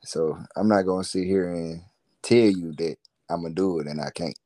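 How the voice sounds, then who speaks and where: A very deep-voiced man chatting as an interview guest. He talks in a relaxed, rambling way and drops casual slang as he goes. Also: normal speed. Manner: laid-back, rambling, slangy. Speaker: guest, musician and entrepreneur.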